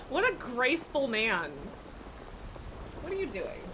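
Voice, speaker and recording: A woman streamer with a high, bright voice that swings all over. She talks in an unhurried way, breaking into laughter and cursing at her pet as she chats live from her home setup. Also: background noise. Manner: laughs often, swears and scolds her pet. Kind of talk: casual live-stream chat. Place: home streaming room with acoustic foam.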